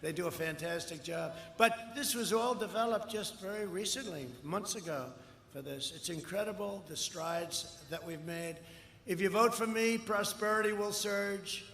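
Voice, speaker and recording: Older man shouting a rally speech. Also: sits high, normal speed. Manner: boastful, rambling, with frequent shouted asides. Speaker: political candidate at a rally. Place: large outdoor rally crowd. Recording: echoey live rally sound with long reverb.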